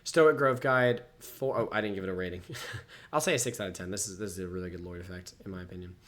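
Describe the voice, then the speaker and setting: Deep-voiced and a bit bright, this man talks fast as he reviews a card game set casually. He reads the cards aloud, rates them out of ten, and yawns occasionally, sounding sleepy.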